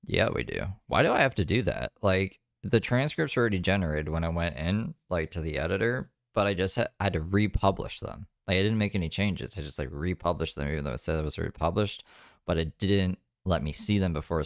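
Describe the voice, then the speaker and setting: A man's voice: low voice, animated, fairly quick, vocal fry, no room sound, studio quality. A man hosting a stream, making wry, rambling comments about a clip he plays. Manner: wry, mocking, rambling asides. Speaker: stream host reacting to a clip. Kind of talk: casual commentary on a played stream.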